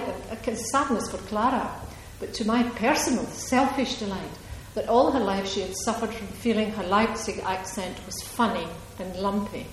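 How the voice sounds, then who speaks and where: Chatty author in an echoey hall. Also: female voice, medium pitch, moderate pace, hardly any pauses. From Ayrshire, Scotland. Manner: chatty, digressive, laughs often, emphatic. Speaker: author at a reading. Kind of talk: audience Q&A answer. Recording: echoey hall with faint noise.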